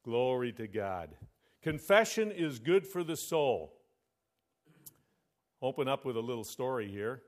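A man's voice: mid-range voice, big pitch swings, measured pace, pauses often. A male pastor preaching a sermon, telling a story and often asking the congregation for an "Amen?".

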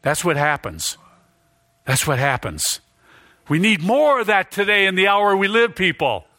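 Preacher man going hard on a sermon, bright forceful tone, repeats himself for punch, dry close sound. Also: sits high, very animated, unhurried, dry recording. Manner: emphatic, repeats lines for stress, rises to near shouts.

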